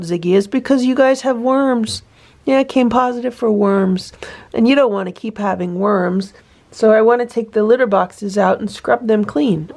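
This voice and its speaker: Woman vlogging at home, gravelly voice, soothing and coaxing with a cat, lilts up high. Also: a little mellow. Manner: soothing, coaxing, talks to the cats in a higher sing-song voice. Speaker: cat rescuer filming at home. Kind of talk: casual vlog talk.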